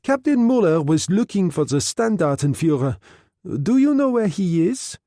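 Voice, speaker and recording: Man putting on a clipped German officer, cold, formal, raised pitch, distant sound, dry. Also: sing-song, normal speed, mellow, no echo. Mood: questioning. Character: cold German captain, commanding.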